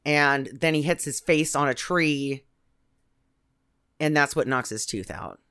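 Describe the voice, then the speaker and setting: A man's voice: fairly high pitch, unhurried, bright, forceful tone, clear, resonant tone. A man co-hosting a comedy podcast, chiming in dryly with plot details during a movie recap. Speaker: podcast co-host.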